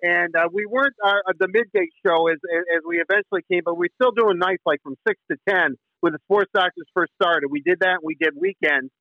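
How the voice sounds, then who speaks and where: This is a Michigan sports radio host in middle age, spinning a casual, rambling interview story with lots of fillers and false starts. His pitch is high and his pace fairly quick with hardly any pauses, and he launches into the team song. It's a dry recording heard through a tinny phone line.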